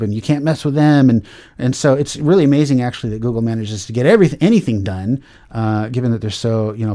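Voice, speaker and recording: A man's voice: medium pitch, warm tone. Rambling middle-aged man hosting a tech show. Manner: rambling, many fillers and restarts, acts out quoted voices. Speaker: podcast host. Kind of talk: casual tech commentary.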